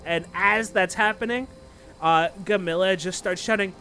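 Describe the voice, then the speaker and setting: A man's voice: high voice, moderate pace, pushed and bright, soft background music. A man narrating a tabletop game as dungeon master, rambling with many fillers. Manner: rambling, filler-heavy, casual.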